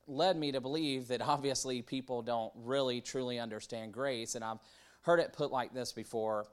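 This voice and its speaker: A man preaching a sermon in a conversational way, often repeating words and asking the congregation questions. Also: mid-range voice. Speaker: pastor.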